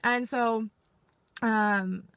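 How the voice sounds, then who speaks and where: A 19-year-old woman from Canada tells a story in a fed-up, swearing vlog rant, with "like" in nearly every sentence. Her voice sits a little high. The sound is dry, with no room echo. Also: fairly even intonation, drawn-out words, a bit bright, smooth. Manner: exasperated, swearing, heavy use of "like". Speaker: vlogger.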